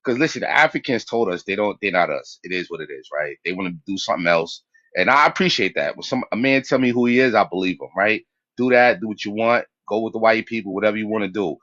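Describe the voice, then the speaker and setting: A man's voice: on the low side, lively intonation, fast talker, sharp tone, lo-fi sound. A man from New York with a New York accent, speaking on a panel in blunt, slangy talk and asking pointed questions. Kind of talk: debate on a panel.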